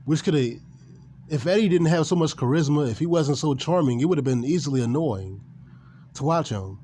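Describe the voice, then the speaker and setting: A man's voice: on the high side, animated, a little fast, dark tone, slight background noise. A man ranting casually and with animation about wrestling, swearing and repeating himself. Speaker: gaming and wrestling commentator. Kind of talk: casual opinion rant.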